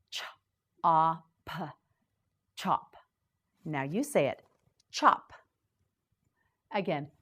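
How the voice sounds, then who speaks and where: Female English teacher, slow vocabulary drill, lower voice, very slow pace. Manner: very slow, repeating words for the learner to echo.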